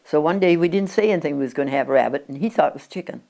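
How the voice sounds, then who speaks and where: Elderly woman in her nineties with a low voice, a rambling interviewee recalling the past. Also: animated, very fast, vocal fry, dark tone. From Oregon, USA. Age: 90s. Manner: chatty, with frequent restarts and stumbles. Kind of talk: rambling reminiscing. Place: at her country home.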